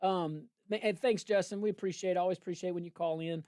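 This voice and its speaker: A man's voice: high-pitched, fairly even intonation, a little mellow, clear, resonant tone, dry recording. Brief: male political talk host, emphatic, incredulous, dry close studio mic. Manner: emphatic, incredulous, quick to laugh. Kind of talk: political talk radio banter.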